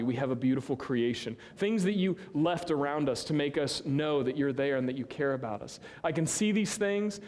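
Earnest preacher in a reverberant hall. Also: male voice, a little high. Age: 30s. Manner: earnest, conversational preaching with sudden rises and hushed drops. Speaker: pastor. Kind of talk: sermon. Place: church sanctuary.

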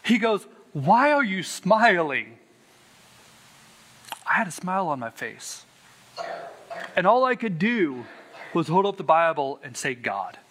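A man's voice: sits high, lively intonation, normal speed, long pauses, a bit bright, a little hiss or hum. A man earnestly telling his personal faith testimony, stressing words and repeating them for weight. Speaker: Christian sharing a testimony.

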